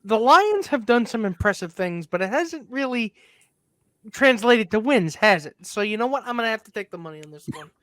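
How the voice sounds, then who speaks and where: A man co-hosts a podcast in a loose, joking way and swears casually as he talks. His voice is bright and sits dry and close to the mic. He keeps the whole thing offhand. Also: high voice, big pitch swings, a little fast, no room sound. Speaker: podcast co-host. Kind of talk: casual sports chat.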